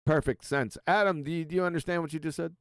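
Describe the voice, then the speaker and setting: A man's voice: on the high side, fairly even intonation, quick pace, no echo, studio quality. A man hosting a livestream panel in easygoing casual chat, chuckling often and restarting his sentences. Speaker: livestream host.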